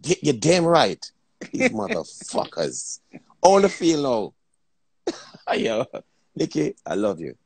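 A Jamaican man hosting a phone livestream, talking excitedly, swearing and repeating himself. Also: on the high side, slow, vocal fry, pauses often, breathy edge. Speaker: livestream host. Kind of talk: casual livestream chat.

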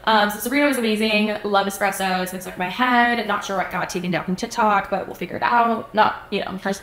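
Young female podcast co-host, mid pitch, chatty storyteller, roomy studio sound. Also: fast talker. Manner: animated storytelling, acts out quotes, many fillers. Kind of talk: casual chat.

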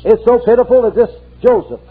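Male preacher, fervent and husky, heard through a thin, phone-like old recording. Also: very high-pitched, brisk. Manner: fervent, punctuated with hallelujahs. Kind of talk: sermon. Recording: tinny lo-fi archive sermon tape.

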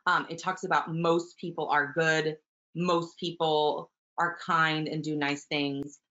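A woman teaching early childhood, talking warmly about picture books and reading them aloud. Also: sits low, little pitch movement, slow pace. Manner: warm, gentle, enthusiastic teacher, with soft fillers. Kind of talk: webinar talk with book read-alouds. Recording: muffled webinar audio.

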